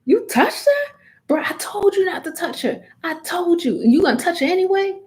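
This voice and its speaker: A woman's voice: very high voice, very animated, moderate pace, darkish tone, voice pushed up. A woman voicing a hot-headed, protective young male anime hero, talking in indignant slang.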